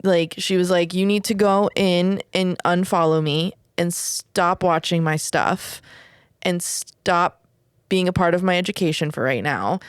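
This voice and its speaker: A woman telling a personal story in relaxed podcast chat. Her voice is smooth and crisp, set a little low, and the recording sounds dry and close. She talks candidly, with plenty of "like" and "whatever.". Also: measured pace, no echo. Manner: swears casually. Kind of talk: casual chat.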